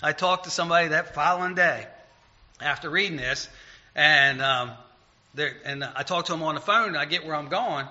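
A man delivers a casual, folksy sermon, wandering through stories about himself. His voice is very bright and sits a little high. He slows down for the scripture he reads, and the recording sounds dull and lo-fi. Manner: folksy, rambling, self-deprecating, reads scripture slowly. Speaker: lay preacher. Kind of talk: informal sermon.

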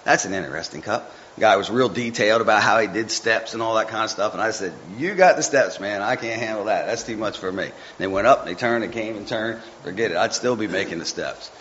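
Low-voiced man giving a folksy devotional talk. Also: quick pace, few pauses, fairly bright tone, slight background noise. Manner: folksy, rambling, chatty asides. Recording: muffled with faint background ambience.

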